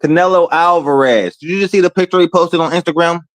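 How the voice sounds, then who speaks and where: A man hosting a casual boxing talk stream, speaking to his chat in profane, animated trash talk. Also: on the high side, quick pace. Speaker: boxing talk show host.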